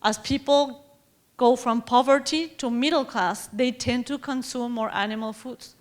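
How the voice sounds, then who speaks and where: A woman from Mexico with a Mexican accent giving a lecture in a chatty, animated way, often correcting herself mid-sentence. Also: fairly high pitch, measured pace. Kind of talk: public lecture on food and environment.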